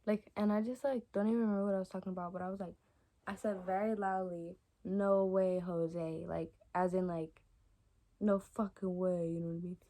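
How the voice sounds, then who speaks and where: A young woman talks straight to her viewers in a loose storytime ramble. Her voice sits at an ordinary middle pitch, and she keeps reaching for "like" and "y'all." Now and then she drops into soft, half-whispered asides. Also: steady tone, quick pace. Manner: chatty and rambling, many fillers like "like" and "y'all". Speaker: vlogger. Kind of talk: casual storytime chat to camera.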